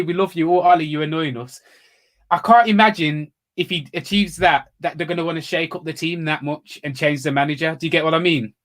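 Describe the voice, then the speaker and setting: A man's voice: fairly high pitch, a bit bright. A man co-hosting a casual live football talk show, agreeable and hedging, posing what-if questions. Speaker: podcast co-host.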